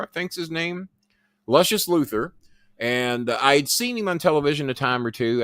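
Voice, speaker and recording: A man's voice: mid-range voice, fairly bright tone, no room sound, studio quality. A man hosting his own show, rambling through casual stories with boasts, swearing and stammered restarts. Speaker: podcast host. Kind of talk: casual storytelling monologue.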